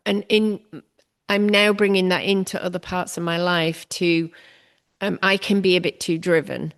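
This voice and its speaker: A woman's voice: lowish voice, vocal fry, a bit bright. A woman artist being interviewed, talking candidly and reflectively about her own habits with self-deprecating humor.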